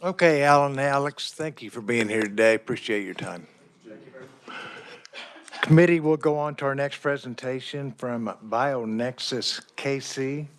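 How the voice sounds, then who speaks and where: A man at mid pitch chairs a legislative committee hearing. He moves the agenda along in a brisk, procedural way.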